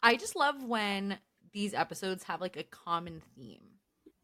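Co-hosting a laid-back podcast, this young woman has a mid-range voice that swings widely in pitch, with a bright, forceful tone and a measured pace. She pokes fun at her partner and recounts stories packed with "like" and other fillers.

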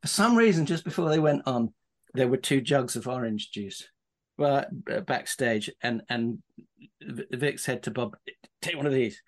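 A man's voice: mid-range voice, lively intonation, unhurried. A middle-aged man, a podcast guest, telling casual anecdotes in a rambling way with many restarts and chuckles.

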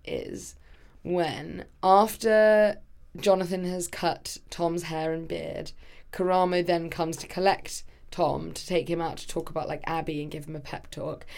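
A woman from England co-hosting a podcast in casual chat, animated and quick to giggle. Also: on the low side, vocal fry. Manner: giggly, animated, slips into mimicry. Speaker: podcast co-host.

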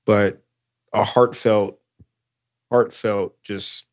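A man with a low voice chatting on a podcast, sincere and pausing often. He is recorded close and dry. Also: steady tone, no room sound. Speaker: podcast co-host. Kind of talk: casual podcast chat.

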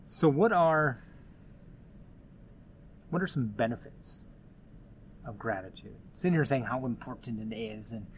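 A man's voice: mid-range voice, animated, measured pace, long pauses, slight background noise. A man hosting his own podcast, talking casually in a conversational, rambling way with frequent restarts and asides. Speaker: podcast host. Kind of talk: casual solo podcast talk.

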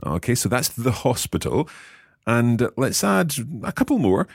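A man hosting a language lesson, patiently explaining Italian words and slowing down to repeat phrases. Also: mid-range voice, very animated, creaky, no echo, studio quality. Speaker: language course host.

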